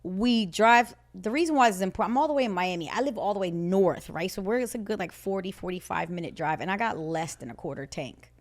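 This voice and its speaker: A woman's voice: mid-range voice, quick pace, hardly any pauses. A woman co-hosting a podcast, telling a personal story in casual chat, laughing often and acting out what she and others said. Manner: animated storyteller, laughs often, acts out her own quotes. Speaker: podcast co-host.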